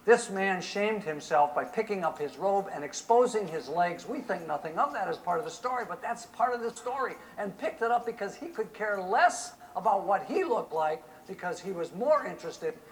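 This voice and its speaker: A male pastor preaching a sermon in an animated way, often asking the congregation rhetorical questions. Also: sits high, normal speed, few pauses, poor audio.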